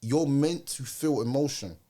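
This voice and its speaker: A man from England hosting a casual podcast, telling stories with energy and dropping low and soft for serious points. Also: a little slow. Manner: lively storyteller, drops to a soft low voice for wise points.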